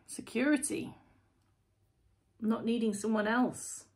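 Chatty, slightly high-pitched woman. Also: takes it slowly. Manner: chatty, blunt and animated, playfully cranky. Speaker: tarot reader, channel host. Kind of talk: casual tarot reading to camera.

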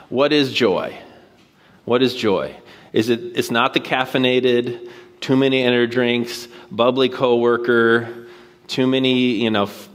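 A man preaching a sermon on a church stage, telling a personal story in a casual, conversational way before moving to his main point. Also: mid-range voice. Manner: casual, storytelling, animated quoted voices. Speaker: guest preacher.

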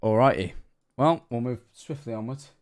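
A young man streaming live, reacting to clips with excited chatter, loud exclamations and frequent swearing. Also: medium pitch, normal speed.

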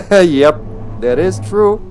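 A man's voice: sits high, a little mellow. A man streaming a video game live, chatting casually and laughing often, swearing now and then.

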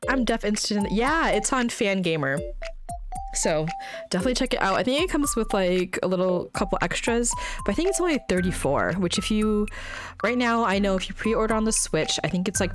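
A young woman streaming a video game, chatting casually, laughing often and reading dialogue aloud. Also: mid-range voice. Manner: giggly, excitable, often laughing. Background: game music.

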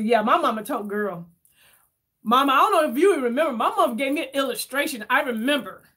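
Chatty animated woman doing her makeup. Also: high-pitched. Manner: chatty, animated storyteller, addresses viewers as y'all. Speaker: beauty vlogger reading live chat. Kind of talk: casual chat while doing makeup.

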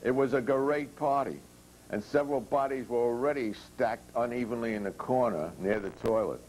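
Man reading crude fiction deadpan. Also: medium pitch, normal speed, a little hiss or hum, low-quality recording. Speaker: author reading his own fiction. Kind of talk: reading a novel chapter aloud.

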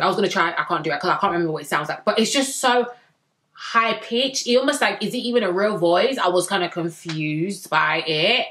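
Chatty young woman recapping reality TV. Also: medium pitch. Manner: chatty, animated, excitable bursts, slangy asides. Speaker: reality TV reviewer. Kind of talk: casual recap vlog.

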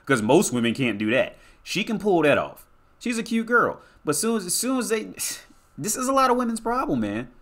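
A man delivering a blunt, profanity-laced commentary rant, stumbling over repeated words. His voice sits a little high and swings widely in pitch. The tone is bright and forceful. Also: sing-song, normal speed. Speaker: commentary vlogger. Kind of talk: ranting reaction commentary.

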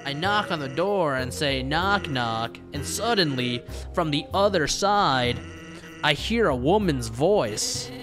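A man reading aloud as a laid-back joking male skeleton in a video game, in a slow drawl that leans southern. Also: fairly high pitch, animated, over music. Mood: easygoing.

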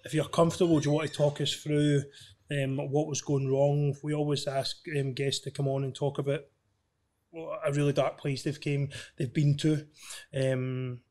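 A man's voice: fairly high pitch, flat delivery, moderate pace, a little mellow. A man hosting a podcast, chatting casually in a jokey, matey way. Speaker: podcast host. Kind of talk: casual interview chat.

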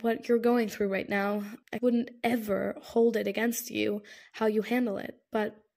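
A woman's voice: mid-range voice, level tone, a little slow, gravelly, darkish tone. A woman reading an audiobook, voicing a protective young man who speaks firmly and earnestly. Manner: firm, insistent, earnest. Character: firm, caring young man, protective and stubborn. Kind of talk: audiobook character voice.

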